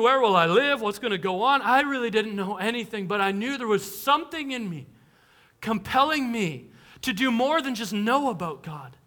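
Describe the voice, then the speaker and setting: High-voiced, bright man preaching a sermon. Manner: earnest storytelling with many restarts, rising to excited peaks. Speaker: pastor.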